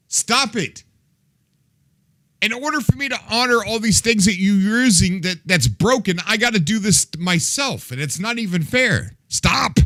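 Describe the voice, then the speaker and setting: Lively, playful male streamer. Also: high voice, normal speed, no echo. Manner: laughs often, playful, does silly sound effects with his mouth; mock-exasperated as he reacts to chat. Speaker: livestream host. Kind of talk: casual live-stream chat with viewers.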